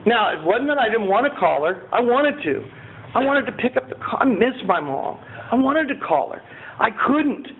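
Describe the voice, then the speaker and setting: A man giving a personal testimony at a recovery meeting. He tells his story in an animated way, swinging from loud excitement to quiet earnestness. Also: very high-pitched, normal speed. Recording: tinny lo-fi recording with faint hiss.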